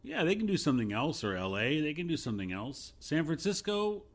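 Animated sarcastic New York man. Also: a little high, a little fast. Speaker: podcast co-host. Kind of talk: casual sports chat.

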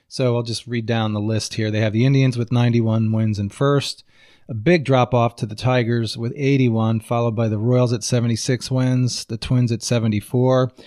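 A man's voice: mid-range voice, darkish tone, dry recording, studio quality. A man co-hosting a podcast in easygoing, agreeable casual chat. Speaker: podcast co-host.

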